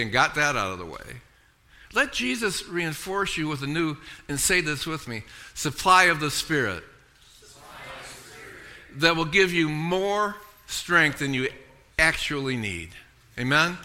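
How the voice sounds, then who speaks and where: A man's voice: on the high side, sharp tone. A middle-aged man preaching a sermon, emphatic, often repeating and restarting words and calling for amens. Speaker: pastor.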